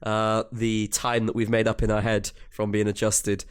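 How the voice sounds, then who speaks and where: A man's voice: on the low side, completely flat delivery, moderate pace, clean tone. A tired young man co-hosting a podcast, chatting in a laid-back way and explaining things at length. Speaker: podcast co-host. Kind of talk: casual chat.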